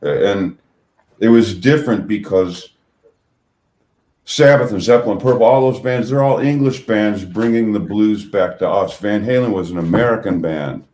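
A man's voice: on the low side, normal speed, darkish tone, echoey room. A middle-aged man telling loose, profane stories from his past in casual chat as a guest musician.

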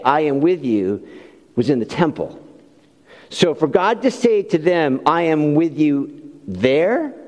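A man's voice: a little high, darkish tone. A middle-aged man preaching a sermon, telling a funny story about himself and laughing at his own mishaps. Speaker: pastor. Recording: long hall reverb.

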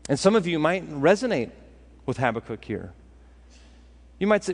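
A man preaching a sermon as pastor, animated and acting out what his listeners think. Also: fairly high pitch, normal speed, pauses often. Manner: animated, acts out listeners' thoughts. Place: church sanctuary. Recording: long hall reverb.

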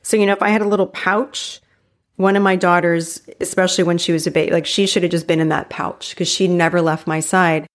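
A woman in her forties hosting a solo motivational podcast, chatty and emphatic, slowing down to stress her key points. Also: lowish voice, flat delivery. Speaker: podcast host.

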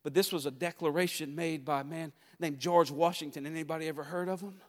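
Southern pastor preaching in a reverberant hall. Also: male voice, fairly high pitch, fairly even intonation, quick pace. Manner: preaching with swells from quiet storytelling to loud exhortation. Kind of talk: sermon.

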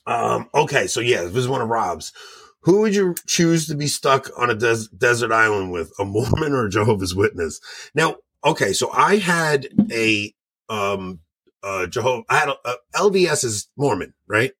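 Husky, lively-voiced man co-hosting a podcast. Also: medium pitch, moderate pace, no echo. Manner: laughs often, acts out quoted voices in stories. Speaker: podcast co-host. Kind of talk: casual chat.

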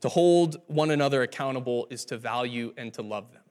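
A male pastor delivering a sermon in a relaxed, conversational storytelling way. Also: medium pitch, a little fast.

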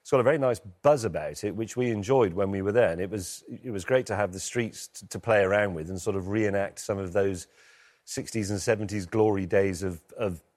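A man's voice: lowish voice, a little mellow. A British man speaking as an interview guest over a remote link, hesitant and full of fillers, with a dry, wry way of putting things. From Britain. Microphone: remote line from London.

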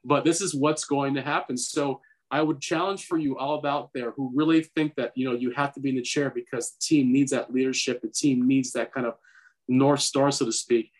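A man's voice: mid-range voice, fairly even intonation, moderate pace. A man co-hosting a podcast for doctors, giving earnest, urging advice in long runs of talk. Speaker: podcast co-host, dentist. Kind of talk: casual advice chat.

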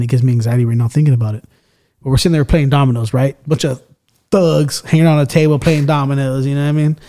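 A man's voice: mid-range voice, warm tone. A man hosting a podcast in casual chat, loose and swearing often as he tells stories and acts out the people in them. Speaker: podcast host.

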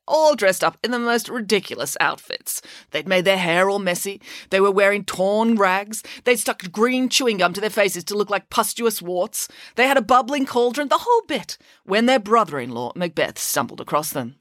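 Woman storyteller, playful, expressive, lively pitch, dry close sound. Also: normal speed, hardly any pauses, no echo. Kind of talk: reading a comic story aloud.

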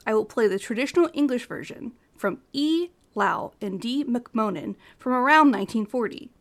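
A woman's voice: a little high, vocal fry. Upbeat woman hosting a podcast. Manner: reads from prepared notes, earnest and upbeat. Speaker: podcast host. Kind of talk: scripted educational podcast narration.

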